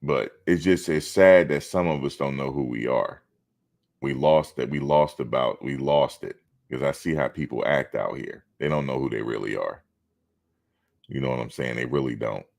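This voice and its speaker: A man's voice: extremely low pitch, normal speed, gravelly, a little mellow. A man hosting a live stream, talking casually and bluntly, outspoken and swearing freely.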